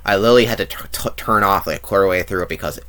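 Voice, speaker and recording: A man's voice: low voice, racing, fairly bright tone. A man giving a blunt, profane movie review monologue, ranking things and mocking what he hates. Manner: blunt, profane and mocking, with fake sung bits.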